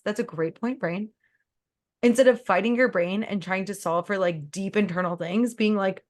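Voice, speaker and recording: Speaking fast and forcefully on a coaching call, a businesswoman coach unpacks her client's mindset, her pitch rising sharply whenever she plays out her inner voice. Her tone is somewhat dark.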